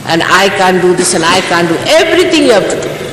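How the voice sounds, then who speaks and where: A woman's voice: fairly low pitch, very animated, fast talker, background noise. Older woman scolding in an echoey hall. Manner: scolding, emphatic, rhetorical questions. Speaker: spiritual teacher. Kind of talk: exhorting talk to followers. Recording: echoey hall, archival recording.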